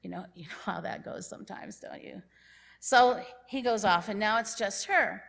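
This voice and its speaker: A woman's voice: mid-range voice, moderate pace, creaky. Woman telling a story from the pulpit. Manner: lively storyteller who acts out characters' lines. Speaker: church speaker. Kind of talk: storytelling sermon. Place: church sanctuary.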